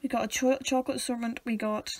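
A young woman with a high voice, recorded close and dry with no room sound. She trades deadpan jabs and dry one-liners in a casual chat. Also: fast talker, no echo. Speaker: podcast co-host.

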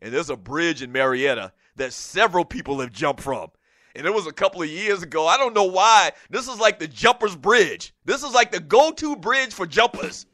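A man hosting a casual sports talk show, animated, often laughing and reading listener messages aloud. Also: sits high, moderate pace, no room sound, clean studio sound.

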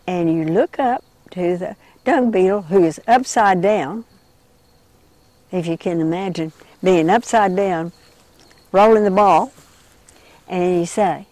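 A woman leading children through an interactive insect story, telling them how to move and what to say, slowing and hushing for the gentle parts. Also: lowish voice, no echo. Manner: animated, slows and drops to a hush for gentle moments.

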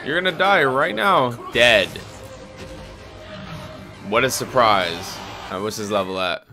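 Slangy young man reacting, bright voice. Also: mid-range voice, expressive, measured pace, soft background music, some chatter behind. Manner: slangy, profane, laughing at what he watches. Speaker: anime reaction host. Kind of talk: live reaction commentary.

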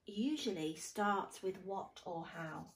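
A woman's voice: mid-range voice, expressive, slow pace, recorded from a distance, a little hiss or hum, poor audio. A woman teaching a grammar lesson to pupils, patiently explaining step by step with examples.

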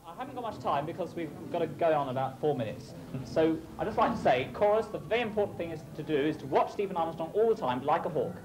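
A young chorus master giving brisk, playful instructions to a choir during rehearsal. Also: male voice, on the high side, expressive, noisy background. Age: young adult. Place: large echoing hall. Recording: echoey hall from far off.

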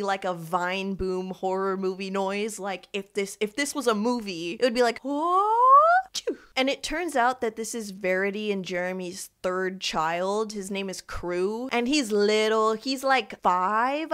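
A young woman in her twenties giving a casual comedic book recap, sarcastic and animated, often jumping into high silly voices. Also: clear, resonant tone. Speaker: book reviewer.

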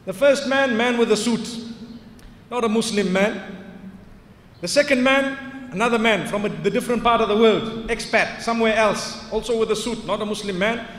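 High-voiced male preacher in an echoey hall. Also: normal speed, a bit bright. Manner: storytelling with rhetorical questions; rises to emphatic outbursts. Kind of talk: lecture in a mosque. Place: mosque. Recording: echoey hall with long reverb.

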